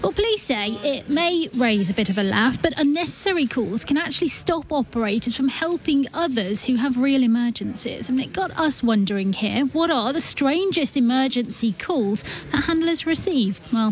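A woman hosting a radio discussion, brisk and chatty, introducing guests and moving between segments. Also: a little high. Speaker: radio presenter.

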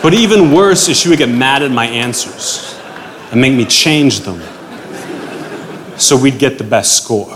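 Deadpan man doing stand-up. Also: medium pitch, unhurried, pauses often, in a large hall, a crowd in the background. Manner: dry, deadpan delivery with dark punchlines. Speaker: stand-up comedian. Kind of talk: stand-up set. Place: comedy club stage with a live audience. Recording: noisy live club recording.

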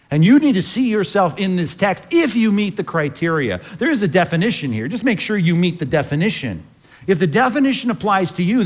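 A male pastor delivers a sermon in a conversational style. He pitches a little high and swings his voice up and down with plenty of life. He keeps putting questions to the congregation.

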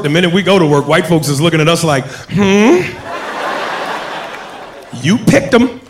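A man doing a stand-up routine, talking straight to the crowd in a punchy delivery. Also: on the high side. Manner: punchy, addresses the audience directly. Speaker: stand-up comedian. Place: comedy club stage with audience. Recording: roomy club with crowd noise.

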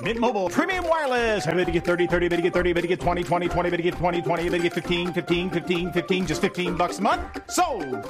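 A rattling fast auctioneer. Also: male voice, very high voice, sing-song, music in the background. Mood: chanting. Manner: rattling, chanting patter. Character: rapid-fire male reverse auctioneer.

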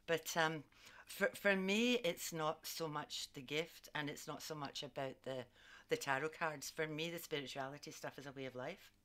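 An Australian woman, a psychic and former community worker, telling stories in a lively, laughing way as a guest. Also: low voice. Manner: animated, laughs often, quick asides. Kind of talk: storytelling in casual conversation.

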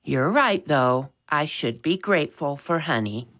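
A woman's voice: low voice, lively intonation, a little slow, a bit bright, exaggerated voice. A woman voicing an eager, polite young boy in a children's story. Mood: earnest. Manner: eager, respectful.

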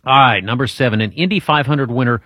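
A man's voice: mid-range voice, quick pace, sharp tone, no room sound, studio quality. Chatty man hosting a trivia quiz. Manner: chatty, jokey, meandering with restarts. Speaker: show host running a trivia quiz. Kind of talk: casual radio-style trivia chat.

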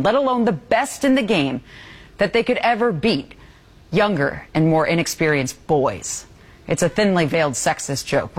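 A woman anchoring local TV news, giving commentary in a measured, pointed delivery. Her voice is somewhat low and a little breathy, and her intonation rises and falls freely.

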